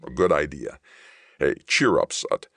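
A man voicing a resigned middle-aged official who talks in a steady, encouraging way. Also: extremely low pitch, unhurried, gravelly, no echo, studio quality, exaggerated voice.

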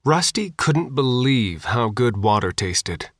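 A man narrating an audiobook in a casual, deadpan reading. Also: medium pitch, slow pace, no room sound, clean studio sound. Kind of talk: scripted narration.

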